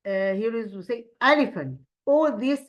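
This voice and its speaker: A woman teaching an English lesson to children online, talking haltingly with many fillers and restarts. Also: a little high, expressive, muffled recording. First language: Arabic.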